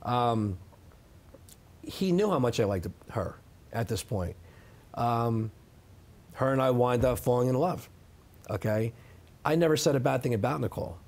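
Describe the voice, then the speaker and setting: Brief: thirties male interviewee, insistent and defensive, ordinary middle pitch. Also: animated, a little slow, long pauses, darkish tone. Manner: emphatic, defensive, repeats "okay?". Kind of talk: sit-down interview.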